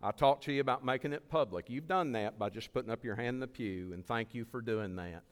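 A visiting evangelist with a medium-pitched voice speaks fairly quickly as he gives an earnest altar call, pleading and repeating his phrases. He's in a church sanctuary, and the recording carries a long church hall reverb.

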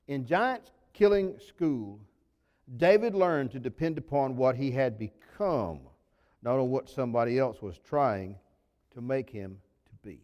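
A male pastor, preaching a sermon as folksy storytelling that swings between loud emphasis and sudden low drops. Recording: long reverb of a large hall.

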